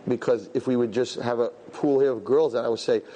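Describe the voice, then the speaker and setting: A man teaching a religious lesson, telling personal stories in an animated, conversational way and acting out the dialogue. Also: medium pitch, brisk.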